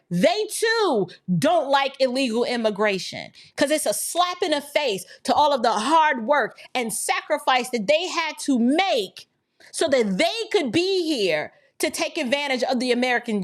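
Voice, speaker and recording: A woman hosting an opinion podcast, talking emphatically and preachily with rhetorical questions, and reading viewer chats. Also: high-pitched. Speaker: podcast host.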